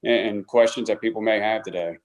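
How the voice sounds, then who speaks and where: Easygoing young man, low voice. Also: steady tone, a little fast, slight background noise. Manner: easygoing, with fillers. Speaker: insurance broker guest. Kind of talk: self-introduction on a live panel.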